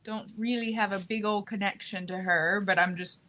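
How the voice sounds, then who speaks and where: Bright, playful woman player. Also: medium pitch, fairly even intonation, normal speed. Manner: playful, giggly, wry. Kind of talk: casual chat during a tabletop game.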